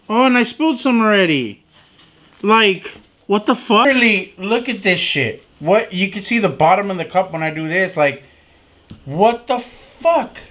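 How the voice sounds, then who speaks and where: A young man reviewing sandwiches in a casual food vlog, swearing freely and complaining loudly in disbelief about small portions. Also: sits high. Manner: profane, animated, incredulous complaining.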